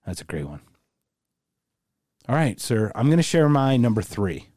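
A man's voice: mid-range voice, sing-song, normal speed, a little mellow, no echo, clean studio sound. A man co-hosting a casual podcast chat, laughing often and slipping into silly voices. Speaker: podcast co-host.

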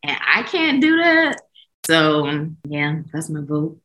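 A woman's voice: low-pitched, slow, slight background noise, rough recording. A woman speaking openly and animatedly in a casual podcast chat. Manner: open, animated, emphatic storytelling.

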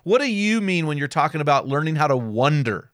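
A man's voice: a little high, sing-song, fairly quick, a bit bright, no room sound, clean studio sound. A middle-aged man hosting a podcast interview, talking conversationally and often restarting his sentences. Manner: conversational, with frequent restarts and self-corrections. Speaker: podcast host.

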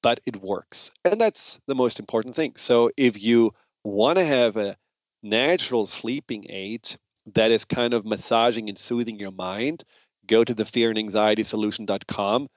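A man with a German accent hosting a radio talk show, speaking in a relaxed, conversational way with fillers and restarts. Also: fairly low pitch, normal speed, no echo.

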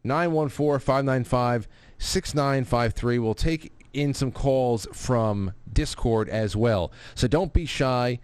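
A man's voice: medium pitch, slow pace, a little mellow, smooth, no echo. A man hosting a casual live talk show who reads out viewer messages and rambles with restarts and profane asides. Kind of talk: casual live-stream talk, reading super chats.

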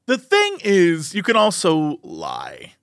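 A man's voice: fairly high pitch, slow, no room sound. A man co-hosting a podcast, chatting casually and telling a story with lots of acted-out quotes. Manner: animated storyteller, acts out quoted voices. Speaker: podcast co-host. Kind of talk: casual chat.

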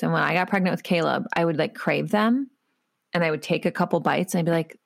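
Gravelly low-voiced woman chatting. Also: dry recording, clean studio sound. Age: adult, a mother. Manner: storytelling, teasing, quick to laugh. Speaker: podcast co-host. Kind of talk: casual chat.

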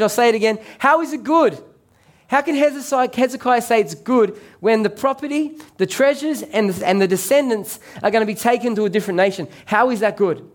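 Man, pastor, sermon, fairly high voice, chatty and joking with the congregation. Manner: conversational, jokes with congregation.

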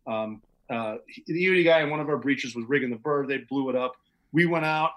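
Bright-voiced man telling a story. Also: mid-range voice, fast, low-quality recording. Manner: vivid, matter-of-fact recounting with occasional chuckles. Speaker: podcast guest. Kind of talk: casual spoken storytelling.

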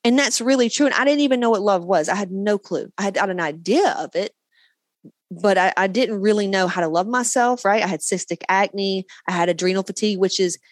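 A woman podcast host and coach giving a blunt, profane, animated motivational monologue. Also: mid-range voice, no echo.

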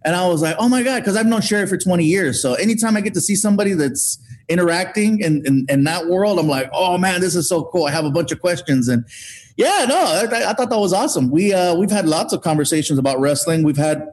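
Man, storyteller, animated, slightly high voice, acts out quotes. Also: fast talker. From Mexican heritage. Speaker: guest comedian. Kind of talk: storytelling on a podcast.

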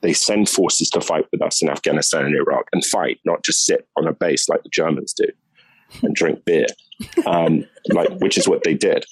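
A man's voice: very deep voice, moderate pace, breathy edge, no room sound, low-quality recording. A man with a British accent, a guest commentator giving emphatic, opinionated views in a conversational political discussion. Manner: emphatic and opinionated, thinking aloud.

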